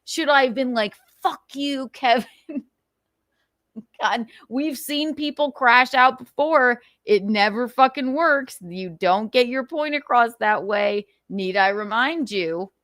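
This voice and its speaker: A woman's voice: fairly high pitch, slow pace, a bit bright, dry recording, clean studio sound. A woman hosting a casual livestream, talking animatedly with frequent laughs and restarts. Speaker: livestream host.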